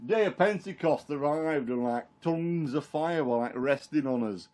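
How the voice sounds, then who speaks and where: A man's voice: on the high side, expressive, normal speed, darkish tone, close to an everyday voice. Peter the fisherman, plain-spoken and chatty , played by a man, first-person monologue. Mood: excited. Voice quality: homely dialect storytelling, plain and chatty. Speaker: Christian storyteller in character.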